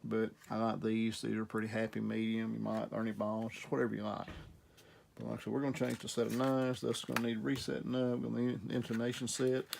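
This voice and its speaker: A middle-aged man with a Southern US accent, casually demonstrating guitar care in a relaxed, rambling way while he works. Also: lowish voice, fast talker, vocal fry, slight background noise. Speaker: guitar repair instructor.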